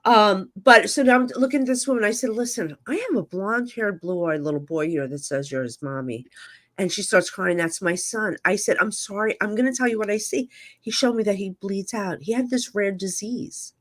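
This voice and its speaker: A woman's voice: mid-range voice, expressive, normal speed, fairly bright tone. A middle-aged woman, a psychic medium guest, telling emotional stories candidly in casual chat. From New Jersey. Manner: candid, emotional storytelling with frequent fillers.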